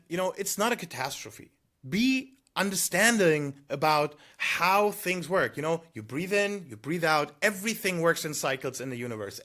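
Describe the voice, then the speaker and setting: Male trader-vlogger, lively pitch, pushes viewers with rhetorical 'hmm?' tags and lots of 'you know'. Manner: emphatic, coaching, rhetorical questions with tag 'hmm?'; frequent 'you know' fillers. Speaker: trader giving market commentary. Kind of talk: direct-to-camera advice monologue.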